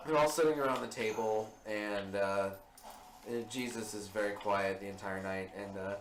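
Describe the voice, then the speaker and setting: A man's voice: on the low side, normal speed, reverberant, a little hiss or hum. Giggly man rambling through jokes. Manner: giggly, rambling joke-teller. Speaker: co-commentator. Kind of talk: casual let's play banter.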